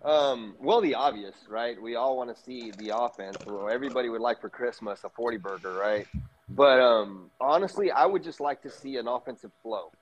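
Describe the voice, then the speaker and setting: A man's voice: mid-range voice, moderate pace, highs cut off. A man chatting casually about football on a podcast panel, crude and joking. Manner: crude joking, laughs a lot. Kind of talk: casual sports chat.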